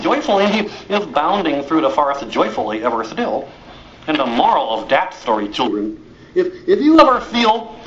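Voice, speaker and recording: A man tells a comic fairy tale in mock-broken English and adds his own sound effects. His voice is high and swings widely. The recording is roomy and a bit dull, with faint noise behind. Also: a bit bright. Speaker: comic storyteller.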